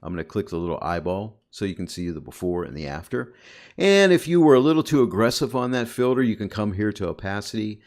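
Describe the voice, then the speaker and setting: A man's voice: fairly low pitch, very animated, quick pace, a little mellow. A man giving a chatty, upbeat photo editing tutorial over a screen recording, often addressing viewers as guys.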